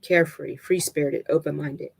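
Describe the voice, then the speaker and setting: A reader voicing a protective man in a dramatic novel reading, speaking softly yet sternly to calm someone down. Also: medium pitch, moderate pace, gravelly, breathy edge. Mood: soothing firm. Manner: soft yet stern, soothing. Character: protective man calming his partner.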